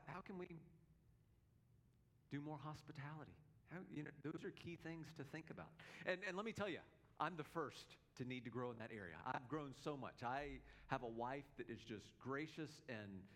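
A man's voice: mid-range voice, fairly bright tone. A male pastor preaching a sermon in an earnest, emphatic way, often repeating his words.

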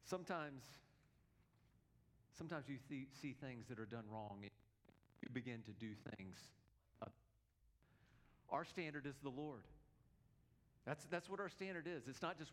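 A man's voice: mid-range voice, animated, normal speed, long pauses. A male pastor preaching a sermon in an earnest, emphatic way, often repeating his words.

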